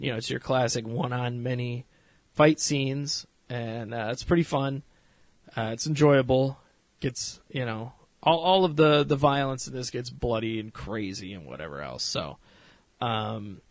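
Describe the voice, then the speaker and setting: A man's voice: medium pitch, no room sound. Rambling, cussing man in a dry room. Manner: rambling, swears freely, many fillers; retells scenes with mock voices. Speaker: podcast host reviewing a series. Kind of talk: casual spoken review.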